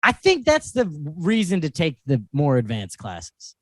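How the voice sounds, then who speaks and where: A man's voice: a little high, huge pitch swings, measured pace, dry recording. A man co-hosting a podcast in casual chat, rambling through stories, correcting himself and laughing easily. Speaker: podcast co-host.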